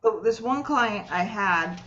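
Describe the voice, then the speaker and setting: A woman healer and coach, a guest, telling client stories in a lively way and acting out what people said. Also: medium pitch, takes it slowly, dull audio, a little hiss or hum. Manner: lively, acts out quoted voices while telling client stories. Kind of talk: conversational storytelling.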